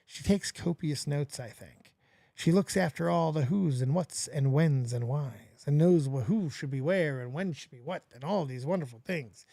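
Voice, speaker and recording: A man's voice: a little high, normal speed, vocal fry, mellow, no room sound, studio quality. A man hosting a casual, crude and mocking reaction commentary. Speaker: host.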